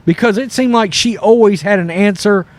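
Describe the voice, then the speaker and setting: High voiced guy ranting political commentary, bouncy and mocking, dry close mic. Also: normal speed, no room sound. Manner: animated, mocking, mimics voices in quotes. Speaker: commentary host. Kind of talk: political commentary over clips.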